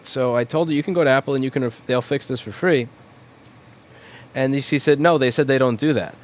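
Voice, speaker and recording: A man's voice: medium pitch, fairly quick. A young man hosting a casual livestream, answering viewers' questions in a blunt, rambling, profane way. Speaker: livestream host, repair shop owner.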